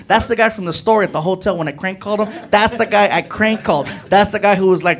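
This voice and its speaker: A male stand-up comedian telling a road-trip story on a club stage in a slangy, animated way and acting out his friends' voices. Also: sits high, fast talker, few pauses. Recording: noisy live club.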